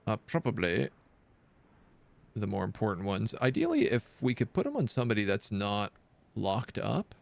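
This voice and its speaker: Brief: male streamer, live gameplay commentary, mid pitch, gravelly fry, lively up-and-down delivery. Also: moderate pace. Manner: thinking aloud, muttering over choices.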